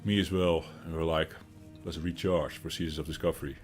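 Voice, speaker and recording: A man's voice: extremely low pitch, steady tone, a little fast, soft background music. A man in his thirties with a Dutch accent, chatting casually with his stream chat, rambling with fillers as he answers them. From Netherlands.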